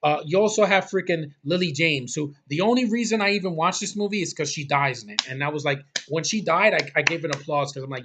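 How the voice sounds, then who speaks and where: A man with a somewhat high voice delivers a casual, exasperated rant. He is blunt and profane, and he rambles, restarting his sentences as he talks. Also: expressive, fast, hardly any pauses, noisy background. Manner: exasperated, blunt, repeats "freaking" and swears. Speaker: movie reviewer.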